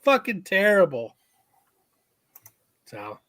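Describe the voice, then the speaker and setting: A man chats as a comic podcast host in a high register, tossing in crude jokes. The sound is dry and close to the mic. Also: wildly swooping pitch, slow, fairly bright tone, dry recording. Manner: profane, joking, reads news aloud. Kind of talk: casual comic podcast banter.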